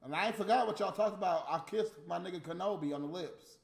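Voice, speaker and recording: A man ranting in profane, casual talk to his viewers, swinging from low muttering to loud outbursts. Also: fast talker, vocal fry. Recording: roomy echo, faint music behind.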